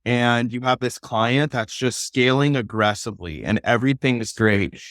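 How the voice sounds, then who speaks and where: A man's voice: medium pitch, moderate pace, fairly bright tone, dry recording, studio quality. A man hosting a podcast interview, talking in an earnest, casual way and often checking in with "right?". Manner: earnest, tags points with "right?". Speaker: podcast host.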